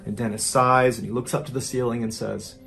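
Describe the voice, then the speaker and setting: A man narrating a true crime story in a measured, grave storytelling manner, acting out the quoted lines. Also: mid-range voice, level tone, gravelly, fairly bright tone, soft background music.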